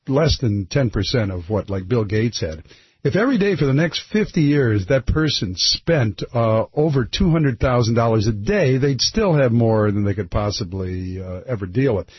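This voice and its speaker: A man's voice: mid-range voice, husky, no echo, dull audio. A man hosting a radio talk show, chatting casually and rambling with fillers.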